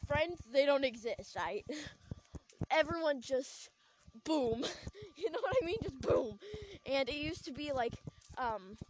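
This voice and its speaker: Young woman rambling on her podcast, lots of likes and giggles, a bit high-pitched, faint noise behind her. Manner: rambling, giggly, heavy on filler words. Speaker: podcast host. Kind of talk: casual chat. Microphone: small clip-on lapel mic.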